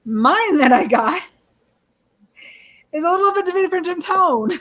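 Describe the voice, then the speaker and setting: A woman's voice: very high-pitched, lively intonation, unhurried, a bit bright. A woman co-hosting a casual beauty review, chatty, laughing often and swearing freely. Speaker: beauty channel co-host. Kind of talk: casual chat product review.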